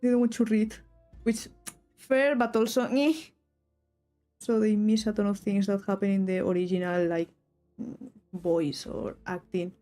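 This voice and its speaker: Woman, Spanish accent, young adult, casual stream chat, rambling, restarts sentences, mellow voice, faint music behind. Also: medium pitch, fairly even intonation, measured pace, long pauses. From Spain. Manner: rambling, self-interrupting, giggly asides.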